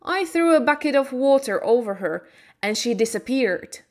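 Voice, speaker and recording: A woman doing an eager young girl, high-pitched. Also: animated, moderate pace, a little mellow, lightly acted. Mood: earnest.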